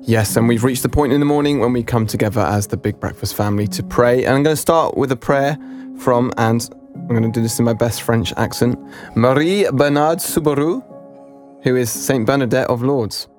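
A male radio host praying aloud on a morning show, in a plain, unhurried way. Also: medium pitch, darkish tone, faint music behind. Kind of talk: radio prayer and chat.

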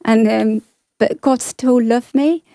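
A woman giving an earnest, halting personal testimony, often restarting her sentences. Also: on the high side, mellow, no room sound, clean studio sound. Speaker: guest sharing testimony.

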